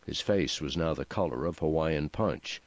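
A man's voice: extremely low pitch, moderate pace, dry recording. A man narrating an audiobook with a dry, wry delivery. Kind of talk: scripted narration. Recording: dull dry studio sound.

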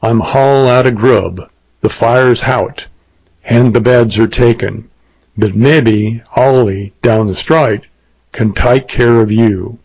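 A man's voice: mid-range voice, slow pace, a little mellow, husky, no echo. A resentful, cowardly innkeeper, as a male narrator puts him on, mangling his h's. Heard on a dry, dull lo-fi audiobook recording. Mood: cold.

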